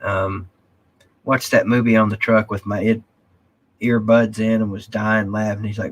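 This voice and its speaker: A man with a drawl hosts a casual live stream, chatting loosely and answering viewer comments as he goes. His voice sits on the low side and carries a husky, slightly breathy edge. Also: level tone, measured pace, dull audio. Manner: rambling, drawling, reads viewer comments aloud. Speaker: live stream host reading chat.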